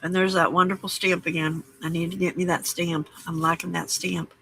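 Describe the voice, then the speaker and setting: A woman's voice: fairly low pitch, flat delivery, a little fast, creaky, a bit bright, a little hiss or hum, rough recording. A woman hosting a late-night crafting livestream from her home craft room, chatting casually, greeting viewers by name and teasing herself.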